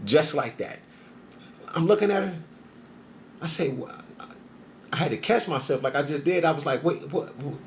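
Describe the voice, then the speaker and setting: A man telling a story in casual, profane street talk, often checking in with "right?", moving between a low calm murmur and loud heated bursts. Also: moderate pace, long pauses, a little hiss or hum. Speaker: storyteller recounting his experience. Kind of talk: casual monologue.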